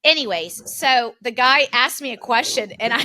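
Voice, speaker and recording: A woman's voice: high voice, lively intonation, measured pace, hardly any pauses, sharp tone. A woman co-hosting a podcast, casually telling a funny everyday story and laughing often. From Philadelphia area. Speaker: podcast co-host. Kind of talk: casual chat.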